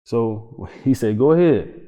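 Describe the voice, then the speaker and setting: A man's voice: medium pitch, slow pace. Man telling a story, roomy lo-fi sound. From Tampa, Florida. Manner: animated, acts out dialogue, swears freely. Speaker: interview guest. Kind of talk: casual storytelling interview. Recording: roomy reverb, dull lo-fi sound.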